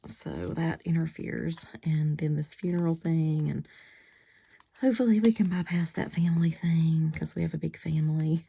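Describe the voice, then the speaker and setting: Husky, low-voiced woman getting over a cold. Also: steady tone, moderate pace. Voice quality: whiny-sounding. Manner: rambling and chatty, drops into soft half-whispered asides. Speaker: crafting vlogger making cards. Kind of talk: casual chat while crafting.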